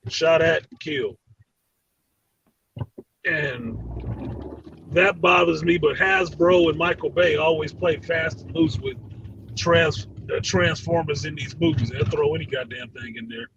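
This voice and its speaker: A man's voice: fairly high pitch, measured pace, creaky, long pauses, noisy background. A man hosting a casual reaction chat, ranting in a profane, laughing way, recorded on a dull, lo-fi setup from far off the mic. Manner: animated, profane, laughing rant. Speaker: host.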